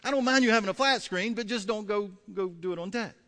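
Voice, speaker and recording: A man voicing God as a patient, fatherly figure who gently corrects and reminds. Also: high voice, fast, big-room sound, voice pushed up.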